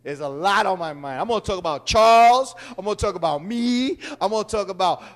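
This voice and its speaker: A brash man from Puerto Rico hosting a comic monologue, his voice sitting very high for a man. He jokes loudly and breaks into sudden shouted bursts. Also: animated, brisk. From Puerto Rican. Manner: brash, joking, loud bursts. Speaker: host. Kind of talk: stand-up style monologue.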